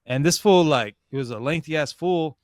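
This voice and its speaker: A young man with a slightly high voice speaks at normal speed while casually telling a competition story on his podcast. Slang and swearing run throughout, and he addresses his listener as "bro" over and over. There's no room sound.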